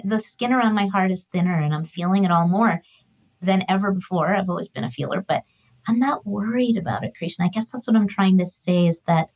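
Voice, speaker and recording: The guest is a middle-aged woman, an author and grief counselor, whose mid-range voice is slightly mellow. She recounts stories with heartfelt, spiritual earnestness in a reflective interview, captured with lo-fi sound.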